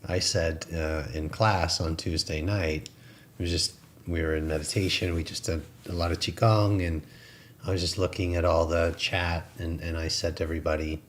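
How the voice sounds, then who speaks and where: A man's voice: low-pitched, level tone, moderate pace, a little hiss or hum. A man co-hosting a spiritual talk show, chatting earnestly and laughing at himself. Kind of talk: casual spiritual chat.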